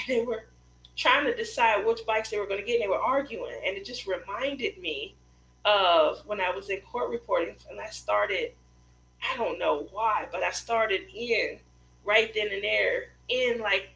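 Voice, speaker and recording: A chatty woman in her forties tells stories on a casual craft livestream and often laughs at herself. Her voice is bright and a little sharp, with a gravelly fry at the ends of phrases. She keeps the talk loose and rambling. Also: mid-range voice, unhurried, echoey room, slight background noise, low-quality recording. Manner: chatty, laughing, self-deprecating storyteller. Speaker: craft channel host.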